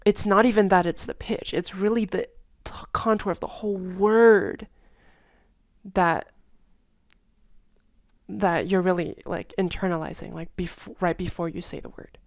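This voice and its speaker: Low-voiced woman teaching with sung "da" syllables. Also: steady tone, no echo, muffled recording. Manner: demonstrates pitch with sung "da" syllables and quick repeated words; chatty, with many "like" fillers and soft asides. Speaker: language teacher. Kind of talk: casual explanatory lesson.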